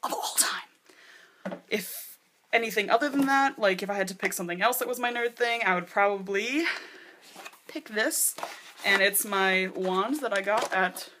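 A woman's voice: mid-range voice, moderate pace, noisy background. A woman in her twenties talking casually to a camera in her bedroom, rambling and chatty, filling her sentences with "like". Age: 20s. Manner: chatty, rambling, lots of "like" and acted-out quotes. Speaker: vlogger. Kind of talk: casual vlog chat. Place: bedroom with posters.

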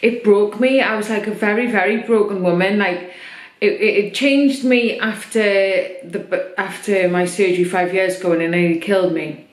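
A woman's voice: medium pitch, steady tone, moderate pace. A woman talking openly in a personal vlog, chatty with lots of fillers, her throat a little irritated. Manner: open, chatty, many fillers. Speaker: vlogger. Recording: echoey room.

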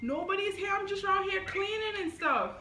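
A woman's voice: extremely high pitch, lively intonation, fairly quick, pushed and bright, a little hiss or hum. A woman talking casually in a prank vlog at home, giggly and playfully defensive. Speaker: vlogger. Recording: roomy, from a distance off the mic.

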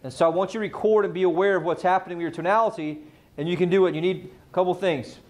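A man leads a live sales training session and keeps firing questions at his audience. His voice sits high for a man, and he delivers with driving, energetic emphasis. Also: very fast.

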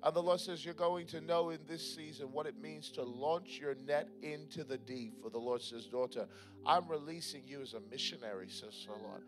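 A man leading a church service as pastor, joking with the congregation, then praying and delivering fervent prophetic declarations. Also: a little high. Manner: playful, joking asides with laughter. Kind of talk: sermon with prayer and prophecy. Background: music playing.

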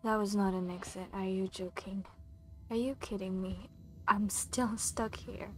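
A woman's voice: medium pitch, fairly even intonation, measured pace, darkish tone, slight background noise, poor audio. A young woman giving nervous horror game commentary, talking to herself in short anxious questions. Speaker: gamer.

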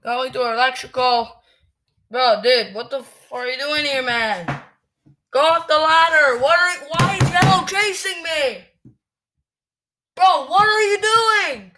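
Woman gamer, high pitch, unhurried delivery, angry ranting commentary, cursing. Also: a little hiss or hum. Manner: cursing, ranting, quick to shout.

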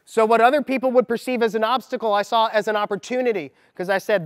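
A man in his thirties speaks as a motivational mindset coach to a gathered group, his voice sitting in a noticeably high register. He tells the story with energy and acts out the lines he quotes. The sound is close and dry up front, with a long reverb from the large hall trailing behind. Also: steady tone, quick pace, hardly any pauses, clean tone.

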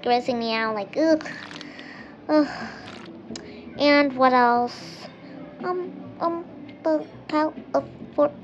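A woman's voice: sits high, fairly bright tone, highs cut off, slight background noise, voice pushed up. A woman voicing a spoiled, whiny rich girl who drawls "like" and groans often in a game role-play.

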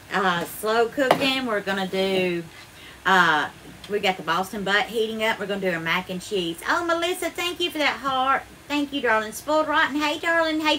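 A bright, forceful Southern woman from Alabama chats through a live cooking stream in her kitchen, pitched a little high and gushing over every viewer with a sing-song "darling." A faint hum of noise sits under her voice. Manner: effusive, calls viewers darling, bubbly sing-song greetings. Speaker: home cooking livestream host. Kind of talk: casual live cooking chat, greeting viewers. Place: home kitchen.

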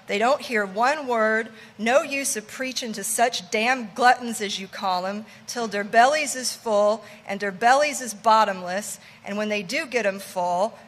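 A woman voicing a grumbling old male ship's cook in his nineties, muttering and testy, with a preacher-like cadence. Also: a little high.

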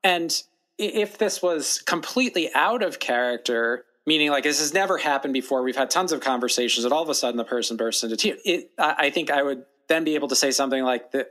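A man co-hosting a podcast, giving measured, thoughtful advice and acting out example lines he might say to a colleague. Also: on the high side, fairly bright tone. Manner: measured, hedging, voices example dialogue. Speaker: podcast co-host.

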